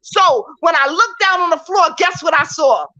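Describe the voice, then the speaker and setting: A woman with a high, bright voice tells a personal story in a casual chat and acts out her reactions as she goes. She is from New York, and the audio sounds dull and lo-fi. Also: lively intonation, normal speed. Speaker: guest.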